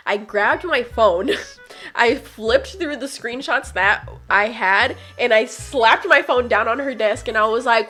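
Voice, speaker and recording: A young woman telling a story casually, swearing a lot, her voice climbing higher whenever she gets heated. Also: measured pace, faint music behind. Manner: profane, animated, voice climbs when heated. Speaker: vlogger.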